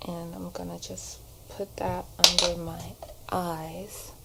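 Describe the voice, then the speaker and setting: A woman's voice: fairly low pitch, flat delivery, slow, vocal fry, heavy background noise. A woman vlogger chatting casually while doing her makeup at home. She rambles a little and fills her talk with "like", recorded by a camera propped nearby. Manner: chatty, rambling, many "like" fillers. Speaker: vlogger and actor. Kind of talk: casual get-ready-with-me chat. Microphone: camera propped on a shelf.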